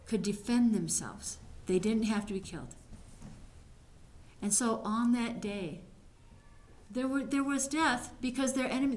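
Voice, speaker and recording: A woman Bible study teacher retelling a Bible story casually, lively and acting out the people in it. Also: fairly high pitch, a little hiss or hum. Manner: lively, acts out quoted voices.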